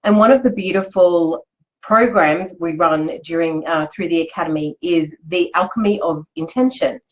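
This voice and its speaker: A woman's voice: on the low side, normal speed, dull audio. A woman, hosting a chatty, upbeat live motivational talk. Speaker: host. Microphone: live video stream.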